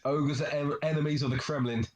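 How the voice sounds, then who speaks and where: A man's voice: on the high side, steady tone, brisk, a little hiss or hum. A man co-hosting a comedy show, joking and riffing on the story in casual banter. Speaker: podcast co-host.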